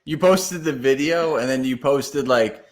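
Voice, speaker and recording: Man co-hosting, mid-pitched, easygoing, laughs along. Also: a little slow. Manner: relaxed, laughing, hesitant host with fillers. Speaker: podcast co-host. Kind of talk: casual podcast chat.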